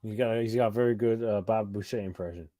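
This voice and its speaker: Man, mid pitch, joking, trips over words, dry close recording. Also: quick pace, mellow, no room sound. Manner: joking, quotes film lines, stumbles over words. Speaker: co-host. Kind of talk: casual live sports chat.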